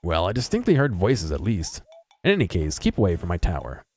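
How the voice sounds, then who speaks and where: A man's voice: low voice, wildly swooping pitch, a little fast, a little mellow, slightly rough, faint music behind, pitched below the performer's own voice, heavily acted. A man voicing a haughty, rude young princess who talks in a snooty, dismissive way.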